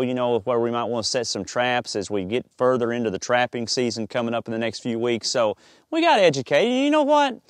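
Man, middle-aged, folksy drawl, easygoing host talk, mid pitch. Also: dry recording, clean studio sound. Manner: folksy, drawling, says "I tell you what". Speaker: outdoor show host. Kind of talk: casual outdoor talk with a devotional close.

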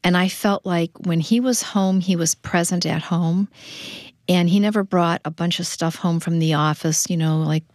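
A woman who is a guest on an interview, the mother of the family, explaining events in a quick, earnest way. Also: lowish voice, steady tone, a little mellow, no echo, studio quality. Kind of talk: personal testimony in a faith interview.

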